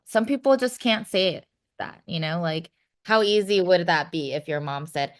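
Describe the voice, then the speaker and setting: A woman's voice: on the low side, normal speed. A woman in her thirties, a podcast guest, giving frank advice in casual chat, full of "you know" and "like" fillers.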